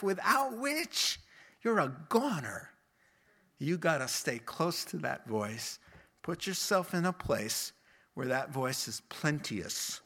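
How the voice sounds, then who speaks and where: A man preaching a sermon, telling Bible stories with lively acted quotes and laughing along the way. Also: fairly high pitch.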